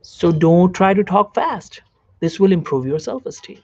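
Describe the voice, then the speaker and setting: A man's voice: high-pitched, expressive, normal speed, dry recording, highs cut off. A man, a doctor, giving a seated self-help psychology talk, repeating phrases and asking the viewer questions. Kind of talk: direct-to-camera self-help lecture. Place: seated on a chair.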